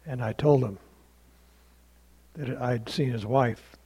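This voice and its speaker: Gravelly, husky preacher telling a story. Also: male voice, mid-range voice, slow pace, dark tone. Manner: plain conversational storytelling with quoted dialogue. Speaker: pastor. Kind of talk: storytelling sermon.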